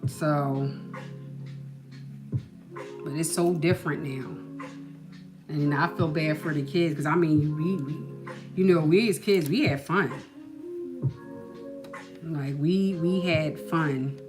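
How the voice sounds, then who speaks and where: A woman's voice: deep voice, fairly even intonation, takes it slowly, pauses often. A woman vlogger chatting casually, telling stories with many asides. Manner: chatty, storytelling, full of asides. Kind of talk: casual chat. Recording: music playing behind the voice.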